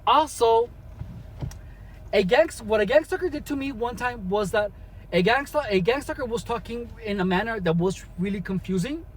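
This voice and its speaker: A man's voice: very high-pitched, expressive, normal speed, rough recording. A man talking casually as a vlogger, giving advice in a rambling way with many restarts.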